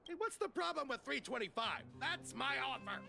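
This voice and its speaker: A touchy, gravelly rival bidder. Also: male voice, very high-pitched, expressive, moderate pace, over music, full character voice. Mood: prickly. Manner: touchy and boastful. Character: prickly, defensive rival bidder.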